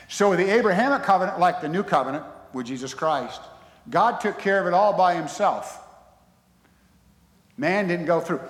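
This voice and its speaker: A man preaching a sermon with a fairly high voice, talking to his congregation in an emphatic, conversational manner. The sound rings out through a big church sanctuary, with long reverb trailing each phrase. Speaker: pastor. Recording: echoey hall with long reverb.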